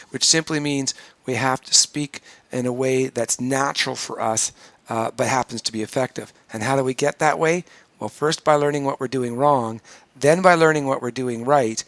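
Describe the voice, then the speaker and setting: Man, training lecture, measured and explanatory, bright tone, dry close sound. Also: medium pitch, dry recording. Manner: measured, explanatory, demonstrates voice tones.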